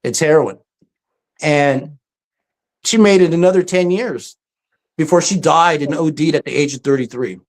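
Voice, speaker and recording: A presenter giving a casual, story-driven talk over slides, often pausing with "um" and acting out quoted speech. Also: medium pitch. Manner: frequent ums and restarts.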